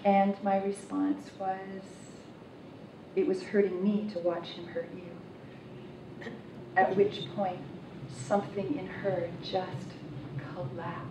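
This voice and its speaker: Animated woman telling a story, echoey room. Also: mid-range voice, slow pace, long pauses. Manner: animated, self-mocking, breaks into laughter. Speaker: workshop participant. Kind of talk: personal storytelling. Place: conference workshop room. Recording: roomy, distant, noisy room mic.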